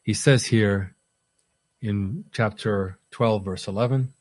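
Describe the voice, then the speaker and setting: A man preaching an expository sermon, animated, often repeating words as he starts a phrase and speaking the apostle's words in the first person. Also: fairly low pitch, takes it slowly, no echo.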